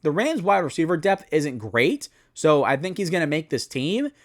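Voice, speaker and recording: A young man giving a solo football season preview, talking it through with animated, self-correcting analysis. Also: on the high side, normal speed. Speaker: sports commentator.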